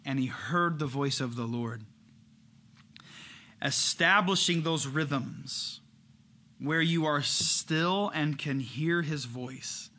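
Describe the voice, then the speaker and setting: A man preaching a conversational sermon, moving from lively acted-out quotes to quiet, slowed reflection. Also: fairly high pitch. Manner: conversational, animated, acts out quoted voices. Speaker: pastor.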